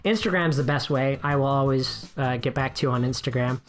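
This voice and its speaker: A man's voice: mid-range voice, fairly quick, soft background music. A man as a podcast guest, talking casually and energetically about his work as a wedding DJ, frank and self-deprecating, with frequent restarts. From United States.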